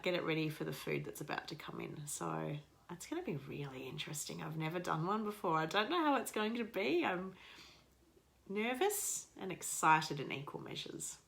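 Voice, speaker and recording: Chatty low-voiced woman vlogger. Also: expressive, moderate pace, creaky, a bit bright. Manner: chatty and upbeat, addresses viewers directly. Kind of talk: casual video diary.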